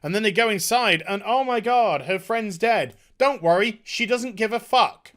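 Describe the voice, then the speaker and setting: A man's voice: sits high, moderate pace, a bit bright. A man ranting sarcastically in a review vlog, exasperated and swearing a lot. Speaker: TV episode reviewer.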